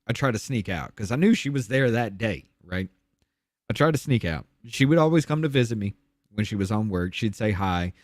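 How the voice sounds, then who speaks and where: A man's voice: expressive, normal speed, no room sound, clean studio sound. Blunt, profane man telling his story. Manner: blunt, profane, drops low and quiet on painful parts. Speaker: podcast guest. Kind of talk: candid personal storytelling.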